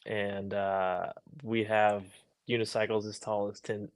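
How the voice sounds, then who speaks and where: A young man chatting as a podcast guest in a relaxed, thoughtful way that trails off. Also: on the low side, slow, no echo. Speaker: podcast guest, motorcycle racer. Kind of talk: casual chat.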